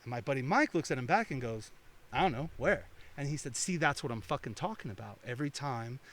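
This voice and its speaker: A man's voice: mid-range voice, lively intonation, fairly quick, fairly bright tone. A man telling long, profane anecdotes as a podcast guest, slipping into quoted voices. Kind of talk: casual podcast storytelling. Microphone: headphones and studio mic.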